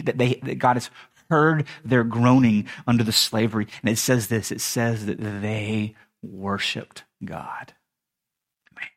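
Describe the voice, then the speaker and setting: Man preaching in a casual, joking way. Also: mid-range voice. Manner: casual, humorous storytelling with many restarts and chuckles. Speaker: pastor. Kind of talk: sermon.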